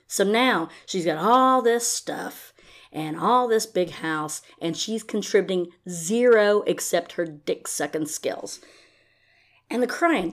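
A woman hosting a casual podcast in a blunt, profane rant, her voice at an ordinary middle pitch. She is sarcastic throughout and sometimes jumps high to mock someone. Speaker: podcast host. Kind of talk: ranting casual commentary.

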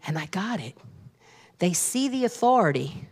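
A woman pastor tells a story in a sermon, animated and dramatic, and talks straight to the congregation. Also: fairly low pitch, moderate pace, husky. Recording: long reverb of a large hall.

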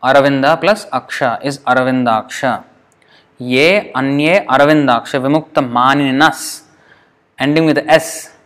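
Man, Sanskrit teacher, patient, spells words out, repeats slowly, classroom lesson. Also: medium pitch, a bit bright. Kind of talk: explaining sandhi rules in a lesson.

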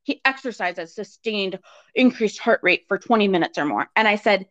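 A woman of average pitch recounts her own experience in a lively conversational way, slipping into the voices of the people she quotes and dotting her speech with fillers. The recording is slightly dull and lo-fi. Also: moderate pace. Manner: animated, acts out quoted dialogue with fillers. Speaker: guest telling her story. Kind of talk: conversational personal storytelling.

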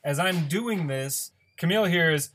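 A young man tells a story in relaxed conversation, emphatic and full of slang. His voice sits a bit higher than most men's. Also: unhurried, a little hiss or hum.

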